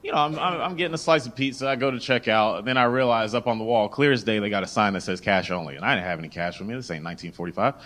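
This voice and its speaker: A man's voice: fairly low pitch, rapid-fire, few pauses. A young man from the American South performing a stand-up comedy set in a club, telling stories and acting out the voices of people he meets. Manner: animated storytelling, acts out voices of people in his stories. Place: comedy club stage with laughing audience.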